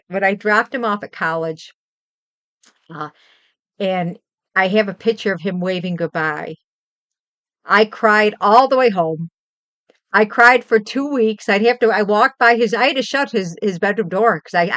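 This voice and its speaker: A woman's voice: mid-range voice, fairly bright tone, no echo. Heartfelt rambling middle-aged woman streamer. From Western New York. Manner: heartfelt, rambling, repeats herself. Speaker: livestream host. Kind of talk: casual chat with stream viewers.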